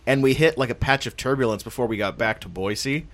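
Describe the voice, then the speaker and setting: A man's voice: mid-range voice, fairly quick, fairly bright tone. A young man recounts crude anecdotes among friends on a podcast. His voice sits in an ordinary middle range. The delivery is loose and casual. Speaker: podcast co-host. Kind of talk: casual storytelling.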